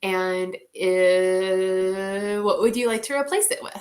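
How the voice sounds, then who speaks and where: A woman's voice: medium pitch, fairly even intonation, takes it slowly, a little mellow. Candid woman chatting on a video call. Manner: candid and heartfelt, with frequent "like" and some swearing. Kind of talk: casual sharing in an online group.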